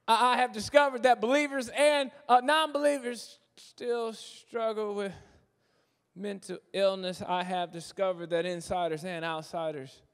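A middle-aged man preaching a humorous, conversational sermon, animated and acting out the voices of churchgoers. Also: high voice, unhurried, clear, resonant tone. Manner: animated, acts out voices of churchgoers, jokey asides. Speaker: guest preacher. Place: large church sanctuary. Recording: long hall reverb from a church.

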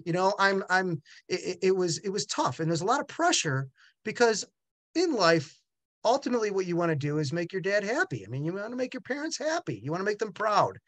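A middle-aged man tells a personal story in a voice that leaps up and down. His speech is halting and full of restarts. The recording is dry and close. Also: sits high, no echo. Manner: animated, acts out other voices in quotes. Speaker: gallery owner and art dealer.

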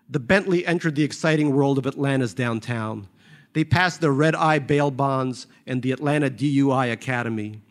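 A man's voice: medium pitch, normal speed. A man reading from his novel in a dry, wry storytelling manner. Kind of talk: audiobook-style literary reading.

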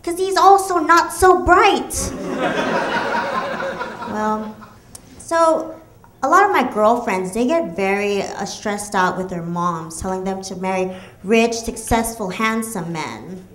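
A woman from the United States performing a stand-up comedy set with playful, deadpan asides. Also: mid-range voice, a little slow. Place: comedy club stage. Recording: roomy club with audience laughter. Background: audience laughter.

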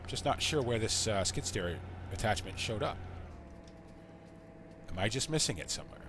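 An American man giving rambling let's-play commentary, halting and full of fillers. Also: lowish voice, expressive, noisy background. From United States. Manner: halting, full of uh and you know. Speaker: gaming channel host.

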